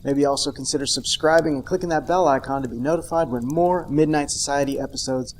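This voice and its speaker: A man's voice: a little high, quick pace, a little hiss or hum. A man hosting an unscripted TV episode review, talking in a conversational, rambling way with wry asides. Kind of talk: unscripted casual review monologue.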